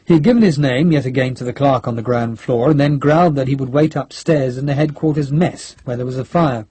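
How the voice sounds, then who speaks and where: Husky-voiced male audiobook narrator. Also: medium pitch, fairly quick, warm tone, dry recording. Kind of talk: scripted narration.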